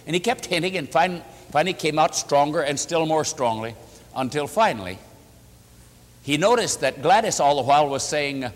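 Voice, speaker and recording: A man's voice: on the high side, animated, normal speed, long reverb tail. A man preaching a sermon, telling a story with emphatic, pleading delivery. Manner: emphatic, rising to impassioned pleading.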